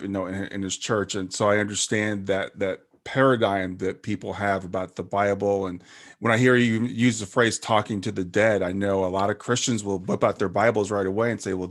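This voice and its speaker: A man hosting an interview over a video call, listening quietly and asking gentle follow-up questions. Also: on the low side. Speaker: podcast host.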